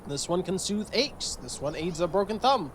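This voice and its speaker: Brief: chirpy, distracted nobleman, raised higher and louder, voiced by a male streamer. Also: normal speed, slight background noise. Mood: cheerful. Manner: cheerful, excited. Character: cheerful distracted male lord.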